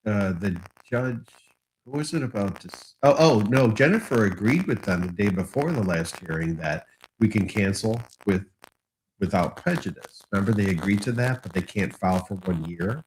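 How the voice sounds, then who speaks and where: A man co-hosting a livestream, explaining events in a relaxed conversational way over a call. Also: lowish voice, normal speed, slight background noise, poor audio. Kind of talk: casual commentary chat. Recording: staticky call connection.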